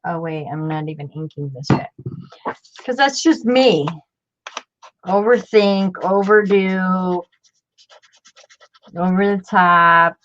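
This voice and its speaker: A woman's voice: fairly low pitch, takes it slowly, pauses often, fairly bright tone, muffled recording. A woman hosting a casual crafting chat, rambling and interrupting herself as she works. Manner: rambling, self-interrupting, chatty. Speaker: craft channel host.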